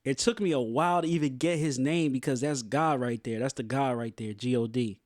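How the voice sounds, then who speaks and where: A man's voice: mid-range voice, brisk, no echo, clean studio sound. Laid-back slangy male podcast host. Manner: laid-back, slangy, many fillers and restarts. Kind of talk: casual podcast chat.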